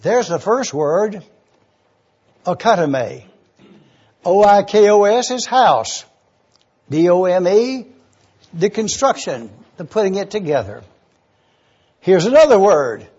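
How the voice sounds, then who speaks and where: Husky, high-voiced preacher teaching. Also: male voice, sing-song, slow, long pauses, darkish tone, dull audio. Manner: spells out words letter by letter; enthusiastic teaching. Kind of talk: sermon with word study.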